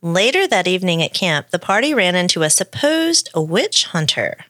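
A podcast co-host reads a story aloud from a script, tossing in playful asides. Her voice is on the low side, very animated and fairly bright, at normal speed, in a dry, clean studio recording.

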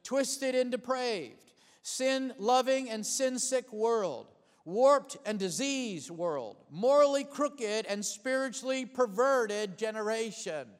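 A man preaching a sermon in a high, bright voice that rings through a hall with a long reverb tail. He keeps calling for amens and repeats key words, sometimes rushing ahead and sometimes drawing lines out slowly. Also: clear, resonant tone. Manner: preaching with call-and-response, repeating phrases; shifts between fast bursts and slow emphatic lines. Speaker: pastor.

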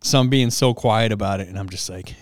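A man casually telling an animated, self-mocking story and laughing along the way. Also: lowish voice, brisk, dry recording, studio quality.

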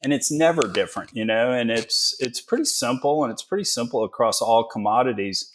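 Here the Texan energy investor, a man in his forties, talks fairly quickly in an expressive, slightly bright mid-range voice. As a guest in a casual interview, he tells folksy, humorous stories loaded with fillers.

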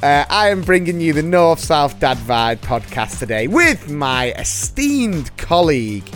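A man's voice: a little high, big pitch swings, measured pace, a bit bright, soft background music. A man hosting a podcast in casual chat, jokey and playful. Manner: jokey and playful, laughs often. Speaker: podcast host.

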